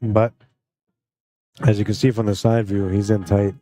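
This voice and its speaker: Commentating a pool tournament live on stream, this Canadian man keeps things easygoing and friendly. His voice is warm, mellow and on the lower side, and between shots he reads out and answers comments from the chat without any rush.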